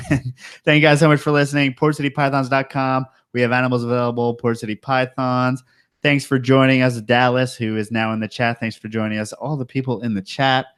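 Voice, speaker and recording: A man's voice: mid-range voice, level tone, a little fast, fairly bright tone, smooth. A man co-hosting a podcast, joking, laughing and swearing through a loose outro chat. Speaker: podcast co-host.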